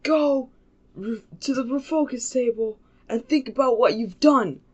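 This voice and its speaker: A man's voice: animated, normal speed, close to an everyday voice. A man putting on the voice of a strict, short-tempered woman schoolteacher who scolds in a raised voice. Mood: scolding. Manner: scolding, raised-pitch mimicry. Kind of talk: storytime impression. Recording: dull lo-fi recording.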